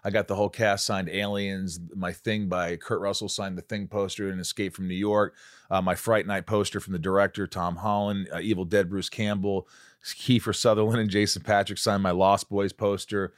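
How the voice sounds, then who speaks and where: Deep-voiced, profane man hosting a chat. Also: normal speed, dry recording, clean studio sound. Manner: excitable and heavily profane. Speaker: podcast host. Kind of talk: casual chat.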